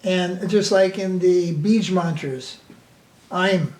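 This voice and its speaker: A man's voice: sits high, takes it slowly, darkish tone. Rambling older man in an echoey room. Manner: rambling, joking, many fillers and restarts. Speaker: swami giving an informal talk. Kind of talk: casual discussion. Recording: echoey room, mic a bit far, faint noise.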